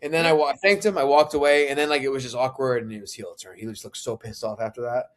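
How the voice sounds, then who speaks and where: A young man co-hosting a podcast, telling a long story in a lively, animated way and putting on other people's voices in the quotes. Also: medium pitch, quick pace. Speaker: podcast co-host, Macho Man impersonator. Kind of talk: casual storytelling chat.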